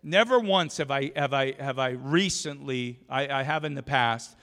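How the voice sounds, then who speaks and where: A man's voice: mid-range voice, moderate pace, a bit bright, long reverb tail. A male pastor delivering an emphatic, storytelling sermon full of restarts, recorded in a church. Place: church sanctuary.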